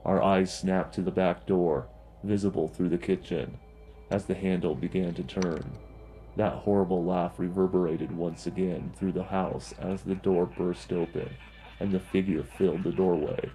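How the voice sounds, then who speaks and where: Deep, dark-voiced horror narrator man. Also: fairly even intonation, unhurried, soft background music, rough recording. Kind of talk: scripted horror story narration.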